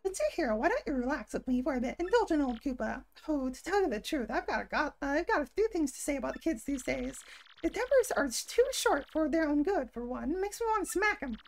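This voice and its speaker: Woman reading a rambling old game turtle, no character voice, high-pitched. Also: sing-song, a little fast, vocal fry, heavily acted. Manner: reads the lines aloud in her own plain voice.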